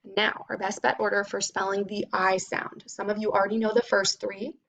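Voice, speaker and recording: A woman teacher giving a phonics lesson to children, spelling out sounds slowly and clearly. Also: mid-range voice, level tone, a bit bright.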